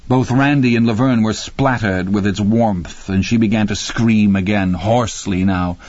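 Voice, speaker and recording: A man narrating a horror audiobook in a measured, grim, deliberate way. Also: lowish voice, fairly even intonation, a little mellow, no echo. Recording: dry, slightly muffled studio read.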